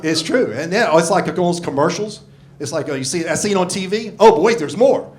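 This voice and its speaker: A man in his sixties doing a gruff, profane, self-mocking stand-up comedy set on a club stage. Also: sits high, expressive, brisk. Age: 60s. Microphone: handheld stage mic. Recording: live club recording with crowd laughter. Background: audience laughing.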